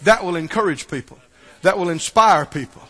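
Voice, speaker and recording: A man preaching a sermon to his church, swinging between shouted exhortation and low, quiet asides, often asking the congregation "right?". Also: moderate pace, long reverb tail. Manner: call-and-response asides like "Right?" and "Huh?". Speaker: pastor.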